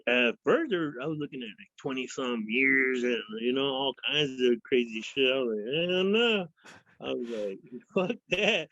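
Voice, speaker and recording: A man's voice: medium pitch, moderate pace, a bit bright, dry recording. Man from Fresno, interview guest, rambling and profane, mimics voices in his stories; dry, dull lo-fi recording. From Fresno, California. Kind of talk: casual storytelling interview. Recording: dull lo-fi sound.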